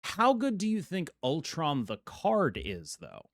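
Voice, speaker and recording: A man hosting a casual chat, talking fast and animated, with quick laughs. His voice sits a little high, and the sound is dry and close. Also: dry recording. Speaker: host. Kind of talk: casual chat about card game art.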